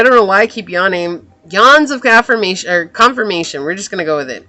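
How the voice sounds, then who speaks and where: A female tarot reader does a pick-a-card reading, soft-spoken and musing, often trailing off and correcting herself. Her mid-range voice is animated and fairly quick.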